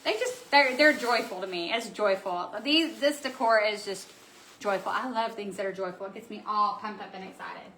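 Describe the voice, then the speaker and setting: A woman who owns a craft shop, hosting a live stream where she shows new supplies and chats excitedly with viewers. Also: medium pitch, moderate pace, a little hiss or hum, low-quality recording. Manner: bubbly, excitable, chatty with viewers. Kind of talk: live stream product showing.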